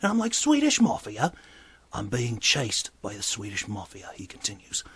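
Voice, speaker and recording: A man voicing a chatty male bartender, telling a bar story in a breathy voice. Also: on the low side, big pitch swings, normal speed, dry recording, heavily acted. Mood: gossipy storytelling. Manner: exclaims loudly, then drops to hushed asides. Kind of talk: comedic character monologue.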